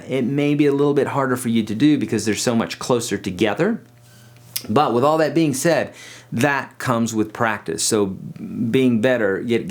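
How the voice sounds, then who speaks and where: A middle-aged man, a guitar teacher, talking casually in a home studio video lesson, chatty, with restarts and fillers. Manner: sings pitches to demonstrate.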